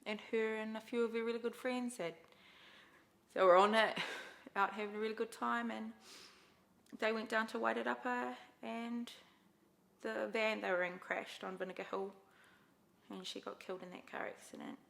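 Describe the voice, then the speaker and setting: A woman's voice: a little high, little pitch movement, normal speed, creaky, fairly bright tone. A young woman with a New Zealand accent, telling her personal story candidly in a documentary interview.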